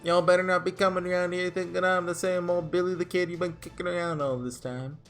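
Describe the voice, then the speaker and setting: A man's voice: high voice, little pitch movement, quick pace, fairly bright tone, soft background music, pitched above the performer's own voice. A man voicing a cocky young outlaw gunslinger in an exaggerated put-on Southern drawl, folksy and boastful. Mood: swaggering. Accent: put-on exaggerated American Southern. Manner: swaggering drawl, folksy slang.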